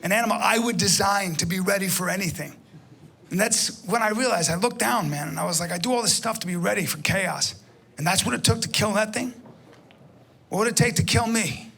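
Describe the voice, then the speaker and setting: A man performing a stand-up story, animated and profane, breaking into shouts. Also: high voice, a little fast, vocal fry. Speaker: stand-up comedian.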